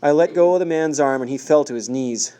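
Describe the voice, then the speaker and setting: A man reading a first-person novel aloud in a steady, measured way. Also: on the high side. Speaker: audiobook narrator.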